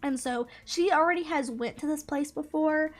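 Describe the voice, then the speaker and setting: A young woman casually telling a story from her life, animated, laughing often and swearing freely. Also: high-pitched, moderate pace, faint music behind. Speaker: gaming channel creator.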